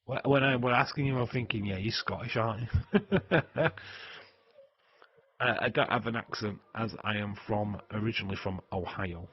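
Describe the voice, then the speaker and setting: A man's voice: on the low side, fairly even intonation, normal speed, breathy edge, muffled recording. A middle-aged British man hosting a wrestling watch-along stream, chatting in a rambling, jokey way that is full of swearing. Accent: British English. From Britain. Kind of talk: casual live-stream chat.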